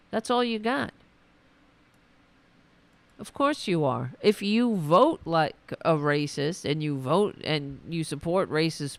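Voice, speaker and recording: A woman hosting a political podcast, delivering an indignant, profane rant full of restarts, her voice going hoarse. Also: on the low side. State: losing her voice. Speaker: podcast host.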